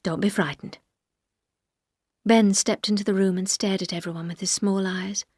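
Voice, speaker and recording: A woman's voice: medium pitch, steady tone, a little fast, darkish tone, no echo. Woman narrating a learner audiobook, dry.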